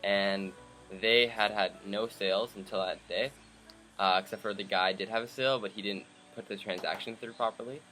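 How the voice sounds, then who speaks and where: Young man, from Canada, low voice, animated storytelling, faint background music. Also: normal speed. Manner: animated, acts out quoted people. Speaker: vlogger. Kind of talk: casual storytelling to camera.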